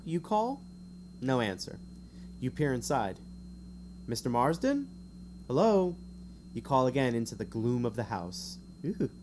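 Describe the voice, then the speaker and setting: A man's voice: mid-range voice, a little mellow, slight background noise. Chatty man reading a gamebook on stream. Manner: chatty, rambling asides, quick to laugh at himself. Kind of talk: casual stream narration with asides.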